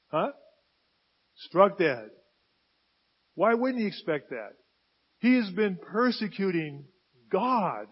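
Husky high-voiced male preacher. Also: highs cut off. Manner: emphatic, rising to loud stressed bursts. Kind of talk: sermon.

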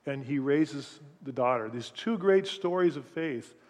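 A man preaching a sermon, retelling scripture stories with animated storytelling and frequent restarts. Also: medium pitch, measured pace. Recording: long reverb of a hall.

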